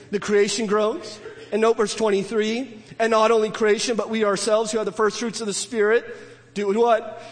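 A man's voice: high voice, in a large hall. A man preaching a sermon as a pastor, earnest and pleading, lingering on key words.

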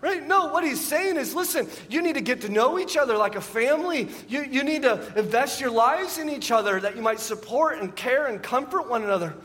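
A man's voice: extremely high pitch, animated, brisk, hardly any pauses, a bit bright, in a large hall. A man preaching a sermon as pastor, often asking his listeners rhetorical questions and repeating words as he goes.

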